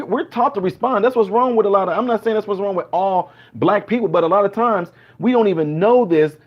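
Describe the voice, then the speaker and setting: A man hosting a show, talking casually and acting out conversations as he tells stories. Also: high voice. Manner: animated storyteller acting out dialogues. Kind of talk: casual opinion monologue. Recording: dull lo-fi sound.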